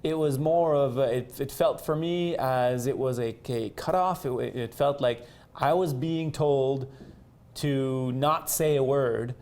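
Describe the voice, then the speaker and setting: A man whose first language is French, speaking haltingly with many restarts as he reflects in a conversation with his partner. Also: mid-range voice, darkish tone. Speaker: co-host.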